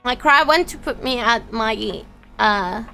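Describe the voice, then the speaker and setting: Woman streamer, high and bright, unhurried, stumbles over words and curses a lot, faint music underneath. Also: animated, creaky. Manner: stammers and swears freely. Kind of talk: casual storytelling to a live chat.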